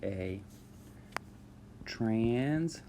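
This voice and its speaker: Speaking very slowly in a lowish voice, a man walks students through a math lesson on a screen recording, calm and checking "all right?" again and again. There's a little hiss or hum on the track.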